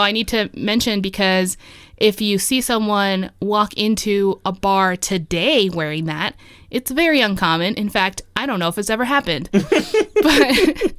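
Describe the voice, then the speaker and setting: A woman hosts a casual ghost-story podcast, relaxed and quick to laugh. Her voice sits close to the mic in a dry, dead room with no reverb at all. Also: medium pitch, clean tone. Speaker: podcast host. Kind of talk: casual chat telling ghost stories.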